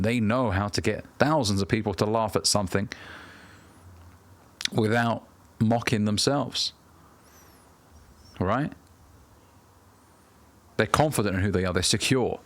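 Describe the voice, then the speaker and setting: Male coach, 30s, low gravelly voice, blunt and preachy with plenty of swearing, dry close recording. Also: no room sound. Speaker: dating and self-improvement coach. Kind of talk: direct-to-camera advice talk.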